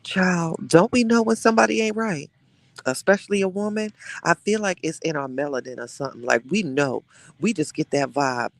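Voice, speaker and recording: Gossipy live-stream host, male, somewhat high voice, dry close sound, animated and dramatic with conspiratorial asides. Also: moderate pace, vocal fry, no room sound. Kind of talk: casual live-stream chat reading viewer comments.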